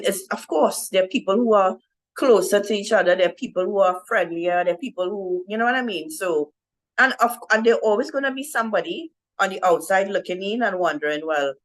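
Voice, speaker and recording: A woman's voice: mid-range voice, low-quality recording. A woman giving an informal Bible teaching talk to women, keeps asking "right?" as she goes. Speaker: women's ministry speaker.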